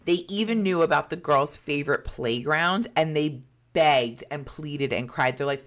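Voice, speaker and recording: A woman's voice: low voice, expressive, normal speed, few pauses, a bit bright. A woman co-hosting a podcast, telling a story in a chatty way with lots of fillers and acted-out quotes. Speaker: podcast co-host. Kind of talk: casual storytelling chat.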